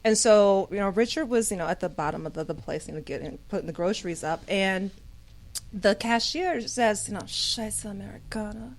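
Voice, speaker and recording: A woman from the American Midwest, a guest telling a story in a casual chat, animated and laughing often. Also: medium pitch, brisk. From Gary, Indiana.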